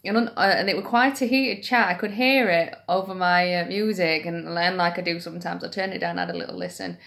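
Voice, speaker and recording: A woman's voice: fairly low pitch, fairly even intonation, fairly quick, creaky, fairly bright tone. A young woman vlogging, telling an anecdote in a chatty, self-deprecating way. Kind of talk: casual storytelling to camera.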